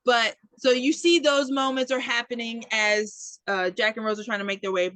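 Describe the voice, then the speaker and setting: High bright-voiced woman recapping a film. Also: normal speed, no echo. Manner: animated storytelling, acting out quotes, swears freely. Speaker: podcast co-host. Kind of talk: casual movie recap chat.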